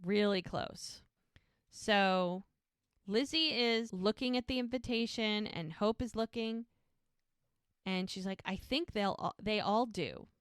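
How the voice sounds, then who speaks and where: A woman's voice: medium pitch, slow, clean tone, dry recording, clean studio sound. A woman co-hosting a podcast, casually recapping a TV episode and retelling each scene while quoting the characters. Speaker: podcast co-host.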